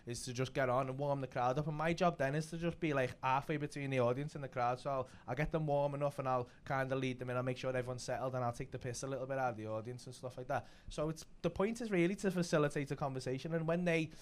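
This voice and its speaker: A man with a Liverpool accent, a comedian and club host telling stories in casual chat, swearing freely with rapid banter. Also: mid-range voice, fairly even intonation. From Liverpool, England.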